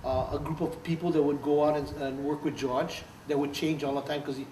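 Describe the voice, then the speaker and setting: Here the interviewee is an older former activist recounting stories for an oral history, often laughing and acting out quotes from others. He speaks briskly, somewhat high and a little mellow, in a steady tone. He's far from the mic in a roomy room with faint background noise.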